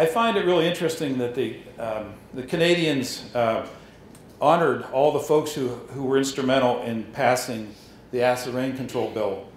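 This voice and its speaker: A man's voice: medium pitch, a little hiss or hum. An older man giving an anecdotal speech at a dedication ceremony, telling stories with chuckles and restarts. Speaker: ceremony speaker. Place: hall at an outdoor marker dedication. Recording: echoey with faint ambience.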